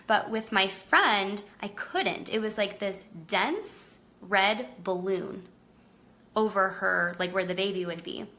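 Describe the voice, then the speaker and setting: A woman's voice: mid-range voice, slow, sharp tone. A young woman in a casual, earnest livestream talk about her psychic business, full of "like" and "um" fillers. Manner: chatty, earnest, lots of "like" and "um" fillers. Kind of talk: casual Facebook Live talk.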